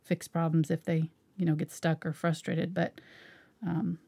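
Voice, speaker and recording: A middle-aged woman leads a live painting tutorial, talking casually as she paints. Her voice is a little low, mellow, and strongly gravelly with vocal fry. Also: measured pace. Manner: relaxed, chatty, talks while painting. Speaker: painting instructor.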